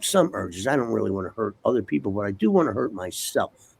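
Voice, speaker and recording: A man spins a profane story and acts out every exchange in it. His voice is gravelly and a little husky. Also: medium pitch, fast. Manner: profane, animated storyteller acting out dialogue. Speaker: interview guest. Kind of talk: casual storytelling.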